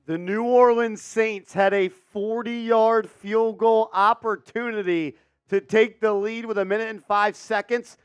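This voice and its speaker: A man hosting live game updates, with measured recaps that burst into shouting at big plays. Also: sits high, fairly even intonation, clear, resonant tone, no echo. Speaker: host. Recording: dull lo-fi dry stream audio.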